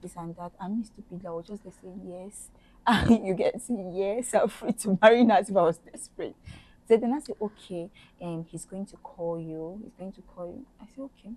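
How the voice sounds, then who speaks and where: A young woman telling a personal story in casual chat, animated and self-mocking, laughing often. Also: fairly low pitch, normal speed, rough recording. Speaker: podcast co-host telling her story.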